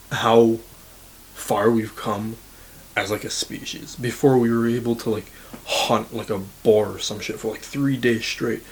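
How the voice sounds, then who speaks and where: Blunt eighteen-year-old man, low voice. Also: slight background noise, poor audio. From Canada. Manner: blunt and casual, swears freely, fillers like "like". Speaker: university student giving self-improvement advice. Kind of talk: motivational talk to camera.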